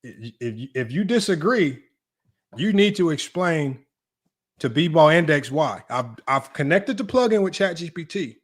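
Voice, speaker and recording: A man hosting a casual sports livestream, teasing his chat, his voice jumping up in mock disbelief. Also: unhurried. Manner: animated, teasing, voice jumps high in mock disbelief. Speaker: livestream sports talk host.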